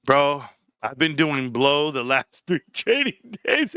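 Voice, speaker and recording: A man chats excitedly on his live stream, in a bright voice that sits a little high. The sound is dry and close, with no room echo. He swears casually and talks in an animated, buzzing way. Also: a little slow, clean tone. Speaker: livestream host. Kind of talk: casual livestream chat.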